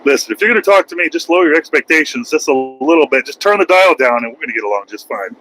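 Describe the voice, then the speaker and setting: A man's voice: a little high, animated, fast, a bit bright, faint music behind, low-quality recording. A middle-aged man, a trucker, chatting on a casual live stream from his cab, rambling and joking at his own expense. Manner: rambling, joking, self-mocking. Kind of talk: casual live-stream chat while driving.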